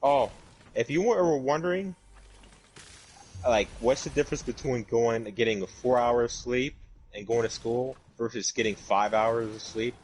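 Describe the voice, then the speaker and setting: A man's voice: mid-range voice, unhurried, a little mellow, a little hiss or hum. A man chatting casually on a gaming talk show, hesitant with lots of fillers. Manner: hesitant, many fillers and restarts. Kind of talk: casual chat.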